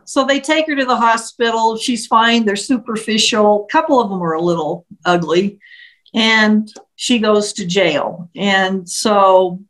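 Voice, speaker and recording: A woman's voice: medium pitch, measured pace, fairly bright tone, poor audio. Woman vividly retelling a story. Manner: vivid retelling, slips into quoted voices. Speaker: storyteller recounting a case. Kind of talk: casual spoken storytelling.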